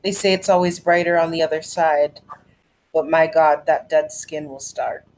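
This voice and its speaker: A woman reading her own poem aloud at an open mic in a slow, measured way. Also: low-pitched, fairly even intonation, a little mellow, low-quality recording.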